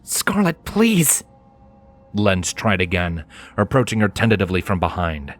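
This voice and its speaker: Deep-voiced man narrating a story. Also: fairly quick. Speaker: fanfiction reader. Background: faint background music.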